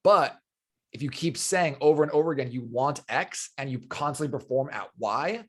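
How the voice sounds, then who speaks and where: A man's voice: medium pitch, expressive, moderate pace, fairly bright tone, husky. Earnest man podcast host. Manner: earnest, emphatic, repeats phrases for stress. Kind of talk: casual podcast interview.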